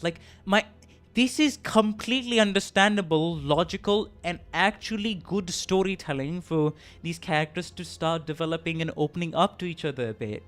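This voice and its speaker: Slightly high-voiced man musing on a stream. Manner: reflective, halting, swears, gets emotional. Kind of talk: casual stream commentary.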